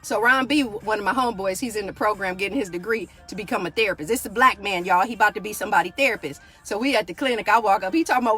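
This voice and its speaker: A woman's voice: on the high side, expressive, fast, a bit bright, breathy edge, faint music behind. A woman in her forties, a yoga teacher, giving a fired-up motivational talk and keeping on asking her listeners if they hear her. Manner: fired-up, preachy, keeps asking "do y'all hear me".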